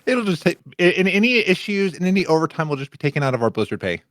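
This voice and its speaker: A man's voice: sits high, big pitch swings, a bit bright, no room sound. A man co-hosting a casual gaming podcast, chiming in with playful jokes. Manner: playful, quick jokey interjections. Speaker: podcast co-host.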